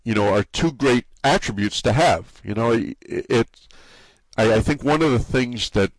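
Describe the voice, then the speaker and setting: A man's voice: mid-range voice, no room sound. A man with a New England accent, talking in a casual interview about his forum and its people, stumbling and restarting his sentences often. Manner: halting, many restarts and repeated words. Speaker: forum site owner being interviewed.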